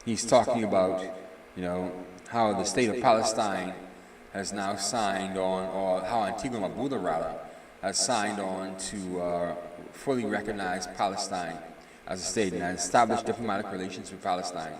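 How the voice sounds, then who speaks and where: A man's voice: sits low, steady tone, a little hiss or hum. Tired rambling man, roomy distant sound. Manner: rambling, opinionated, many filler pauses. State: tired, yawning. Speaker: live stream news commentator. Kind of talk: casual news commentary. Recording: roomy echo, distant mic.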